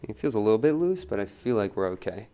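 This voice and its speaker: A man giving a relaxed live pottery demonstration at the wheel, talking through each step on a wireless mic in his studio. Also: fairly low pitch, quick pace. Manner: relaxed, talks while working at the wheel, reads chat aloud. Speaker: pottery teacher streaming a demo. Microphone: wireless transmitter mic.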